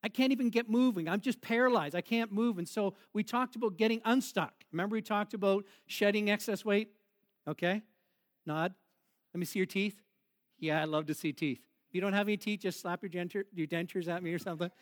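A man's voice: high voice, steady tone, fairly quick. A man preaching a sermon as pastor in a church, joking and laughing with the congregation. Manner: jokey, playful, laughs with the congregation.

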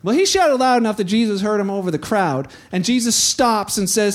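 A man's voice: high-pitched, lively intonation, a little fast. A man preaching a sermon in a casual, conversational way, acting out scenes and voicing characters in dialogue. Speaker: pastor.

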